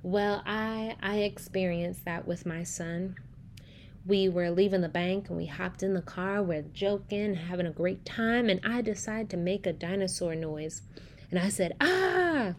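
A woman's voice: on the low side, fairly even intonation, unhurried, a little hiss or hum. Chatty woman podcast host. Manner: warm, chatty storytelling with preacher-like emphasis. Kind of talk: faith-based podcast talk.

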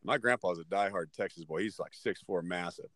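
A middle-aged man and father telling a story in casual chat, blunt and animated, cursing freely. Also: sits low, fairly quick, no echo.

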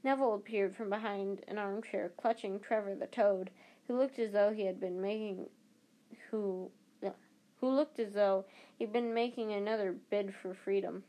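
Woman reading a novel out loud, stumbles and restarts a lot. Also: medium pitch, steady tone, moderate pace. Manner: unpolished, with frequent slips and restarts. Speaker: audiobook reader.

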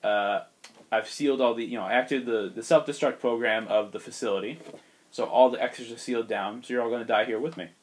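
A man's voice: medium pitch, fast, natural voice. A man doing a gloating villain scientist, an adult man sure of his win. He talks in a smug, matter-of-fact way as the story is retold.

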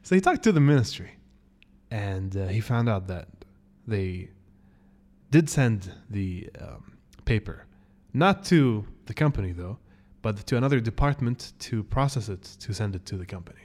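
A man hosting a podcast, telling a story in a casual, animated way, acting out the people in it with sudden jumps in pitch. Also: a little slow. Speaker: podcast host.

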